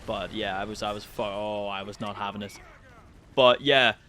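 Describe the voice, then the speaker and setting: A young man with a bright, forceful voice tells a story straight to the camera. He is animated and swears freely, and his voice leaps upward whenever he gets worked up. The mic is close, with only a faint hiss behind him. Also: normal speed. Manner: animated, swears freely, jumps to high pitch when excited. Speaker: channel host. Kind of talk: casual storytelling commentary.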